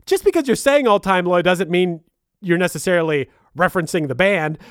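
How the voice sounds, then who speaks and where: A man co-hosts a music podcast with eager, laughing energy. His voice is high and smooth, and the recording is dry and close, with no room sound. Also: expressive, fairly quick, no room sound. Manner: enthusiastic, laughs often. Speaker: podcast co-host. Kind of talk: casual podcast chat.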